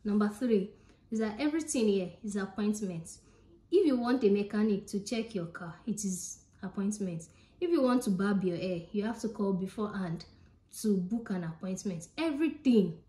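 A woman with a Nigerian accent chats straight to her viewers, warm and mellow in tone. She leans on her points and says them again for emphasis. The sound has a roomy echo around it. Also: medium pitch, lively intonation, normal speed. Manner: chatty and emphatic, repeats points directly to viewers. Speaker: vlogger. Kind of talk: casual vlog talk to camera.

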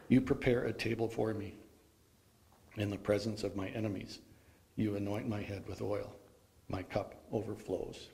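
Male lay reader, low and gravelly, clear projected scripture reading. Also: steady tone, normal speed, darkish tone, a little hiss or hum. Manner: leads the psalm response, projecting clearly.

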